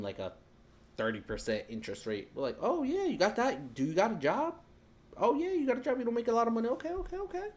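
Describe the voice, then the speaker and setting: A man's voice: lowish voice, a little mellow. Chatty man explaining credit on a live stream. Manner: loose, chatty, talks while fumbling with the screen.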